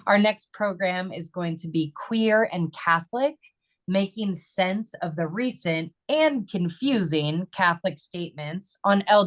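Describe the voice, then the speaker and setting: A woman with a somewhat low voice hosts an online webinar over a video call. She talks in an upbeat, conversational way as she goes through closing announcements and a donation appeal. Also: a bit bright. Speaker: webinar host.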